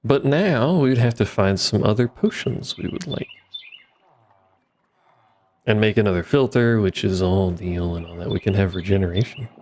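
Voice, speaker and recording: Male streamer, lowish voice, easygoing rambling play-by-play, wry humor, desk mic. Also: normal speed, a little mellow. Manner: laid-back, rambling, wry asides to himself. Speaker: streamer playing a modded block-building game. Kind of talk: casual gameplay commentary.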